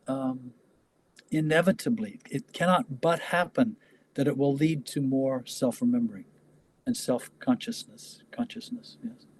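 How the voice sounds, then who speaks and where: A man talks slowly and haltingly in a relaxed dialogue. His voice is husky and a little breathy, and he pauses and lets his phrases trail off. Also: medium pitch. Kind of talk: conversational dialogue.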